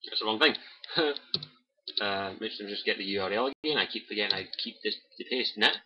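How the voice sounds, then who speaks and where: A man's voice: fairly low pitch, quick pace, lo-fi sound. A young Scottish man chatting casually on a livestream, rambling with lots of fillers and swearing freely, on a cheap desk mic at home. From Scotland. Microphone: cheap desk mic by keyboard.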